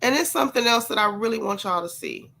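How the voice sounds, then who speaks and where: A woman's voice: mid-range voice, lively intonation, fast talker, vocal fry, bright, forceful tone. A woman with a congested, sick voice hosting a gossip livestream, talking straight to her chat and stressing her points by repeating them. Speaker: gossip channel host. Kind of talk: livestream commentary.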